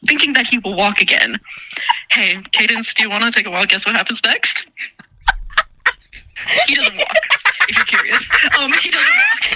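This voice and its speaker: A woman's voice: on the high side, noisy background. A young woman, a guest, telling a childhood story in casual chat, swearing and mocking herself with lots of restarts. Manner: profane, self-mocking, rambling with many restarts.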